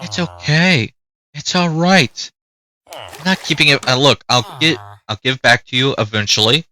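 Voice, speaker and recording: A chatty male gamer commenting casually on his play, with a bright, forceful voice. He talks to the animals on screen as he goes. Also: mid-range voice, unhurried. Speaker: gaming youtuber.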